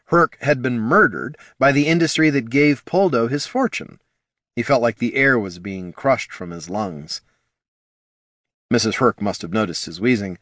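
A man narrating a fantasy story in an expressive storytelling way. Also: medium pitch, normal speed, no room sound, clean studio sound. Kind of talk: audiobook narration.

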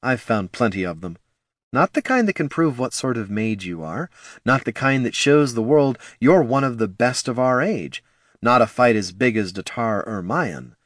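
A man's voice: mid-range voice, lively intonation, moderate pace, fairly bright tone, no echo, studio quality, voice pushed up. A man voicing a confident female elf ranger who coaxes and persuades. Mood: coaxing. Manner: coaxing, persuasive, sure of herself.

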